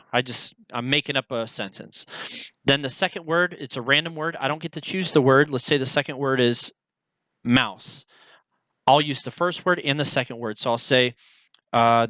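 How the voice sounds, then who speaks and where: A young man talking casually to the camera in a vlog, halting, with many fillers as he searches for words. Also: mid-range voice, bright, forceful tone, no echo, rough recording. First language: English. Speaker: language learner.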